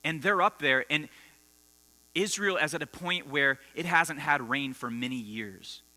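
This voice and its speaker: Speaking unhurriedly in a highish voice with a sharp tone, a man gives students a conversational sermon in a school assembly hall, telling stories and quizzing them. The recording carries long hall reverb and mains hum.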